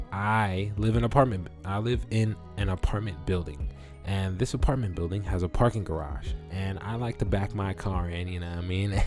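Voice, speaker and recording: A man's voice: low-pitched, a little mellow. A man vlogging in a loose, casual way, swearing and acting out his own reactions as he tells a story. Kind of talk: casual talk to camera.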